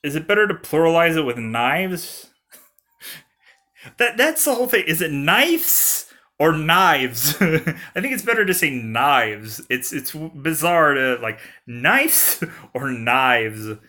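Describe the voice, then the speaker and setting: Slow, rambling young man giggling over a game. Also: on the high side, very animated, sharp tone. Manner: rambling, giggly, full of filler words. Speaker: gaming commentator. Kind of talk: casual let's-play commentary.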